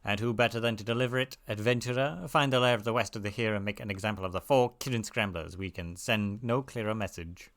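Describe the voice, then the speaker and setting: A man voicing a stern woman soldier in a video game, speaking in a low, measured, commanding way. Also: a bit bright.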